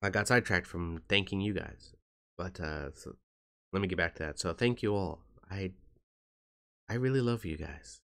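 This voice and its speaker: A man vlogging to his viewers in a soft, halting way, tired and in pain. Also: deep voice, gravelly. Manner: soft-spoken, halting, with frequent restarts. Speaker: YouTuber. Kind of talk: casual talk to camera.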